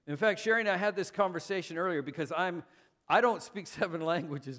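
A man's voice: high-pitched, fairly quick, sharp tone. Conversational male pastor preaching. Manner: self-deprecating, conversational preaching with fillers. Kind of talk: sermon.

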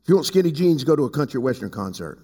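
A man preaching a sermon as pastor. He swings from loud, high passages to quiet low asides and calls on people in the congregation by name. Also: very animated, quick pace, breathy edge. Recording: long hall reverb.

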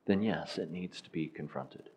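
A man's voice: a bass voice, normal speed, warm tone, a little hiss or hum. A man preaching a sermon, teaching in an earnest, emphatic way and asking rhetorical questions.

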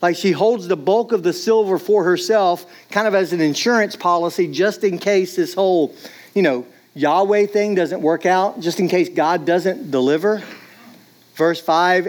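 A pastor with a voice that sits high preaches a sermon at normal speed. His delivery is casual and conversational, peppered with "like," and he acts out voices.

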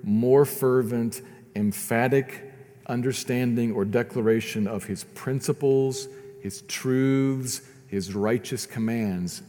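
A man's voice: mid-range voice, slow pace, mellow, long reverb tail. A man preaching a sermon as pastor, earnest and often repeating words as he builds his points.

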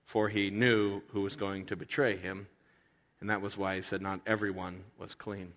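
A man's voice: deep voice, little pitch movement, normal speed, fairly bright tone, big-room sound. A man preaching a sermon in a conversational, earnest way, often restarting his sentences. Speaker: pastor.

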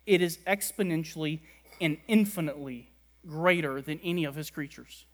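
A man preaching a sermon, stressing words by repeating them and letting key lines fall quiet and low. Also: moderate pace. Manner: emphatic, repeats words for stress, drops soft at ends. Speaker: pastor.

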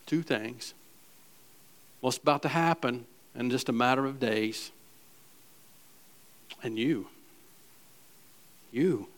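Man preaching, loud and hushed by turns. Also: a little high. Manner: reads scripture aloud. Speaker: pastor. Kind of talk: sermon.

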